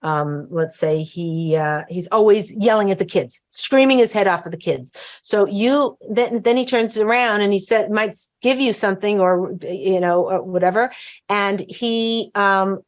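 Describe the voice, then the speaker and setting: A woman's voice: medium pitch, a little slow. A woman hosting a talk show, coaching in a casual chatty way, often acting out what wives and husbands might say. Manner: chatty, acts out quoted voices, frequent fillers and restarts.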